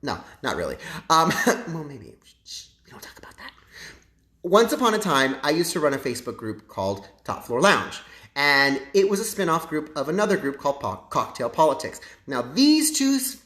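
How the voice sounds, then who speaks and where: A man's voice: on the high side, fairly bright tone. A man hosting a casual livestream and chatting to his viewers in a sassy, campy way. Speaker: livestream host. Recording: echoey room.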